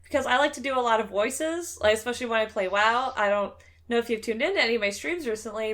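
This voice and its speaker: Bright-voiced chatty woman host. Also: a little high, fast. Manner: chatty and joking, swears casually. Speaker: streamer and show host. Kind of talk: casual podcast chat.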